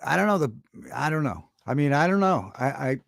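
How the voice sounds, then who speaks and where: A man hosting a casual livestream talk show, chatting with viewers in a halting, rambling way with many fillers and restarts. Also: fairly high pitch, big pitch swings, gravelly, dry recording, clean studio sound. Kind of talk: casual livestream chat reading viewer comments. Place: home studio.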